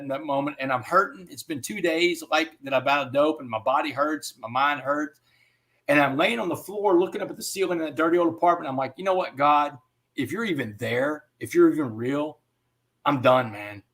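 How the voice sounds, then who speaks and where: A man giving an interview. He tells a personal story in an animated way and often says "man.". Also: on the high side. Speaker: interview guest.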